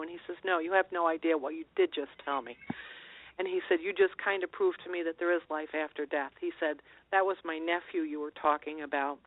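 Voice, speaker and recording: A woman's voice: deep voice, fairly even intonation, brisk. A middle-aged woman, a guest on a call-in interview, telling personal stories in an earnest, meandering way. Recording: tinny phone line, dry.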